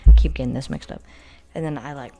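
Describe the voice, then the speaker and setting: A teenage girl spins a story-time tale in a low voice, rambling and stuffed with "like". She talks in a blunt, boastful way, with casual asides. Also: steady tone, quick pace, vocal fry, mellow, soft background music. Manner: rambling, filler-heavy with constant "like".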